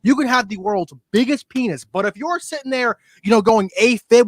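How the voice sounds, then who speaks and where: A young man with a high, bouncy voice that swings all over as he jokes around. He rambles and laughs through crude, casual podcast chat. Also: expressive, a little fast, few pauses, a bit bright. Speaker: podcast co-host.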